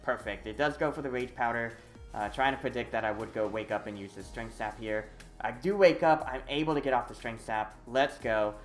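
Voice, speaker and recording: A streamer giving live commentary on a video game, excitable and full of hesitant fillers. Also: medium pitch, fairly quick, faint music behind. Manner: excitable, swings from quiet muttering to loud whooping.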